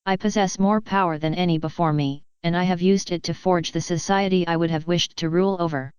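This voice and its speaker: A woman's voice: on the low side, steady tone, a little fast, a little mellow, clean tone, no echo, close to an everyday voice. A woman voicing a regal, once-warlike pony princess who speaks formally, in a storybook reading. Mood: proud. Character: stern warrior pony princess, commanding yet tender.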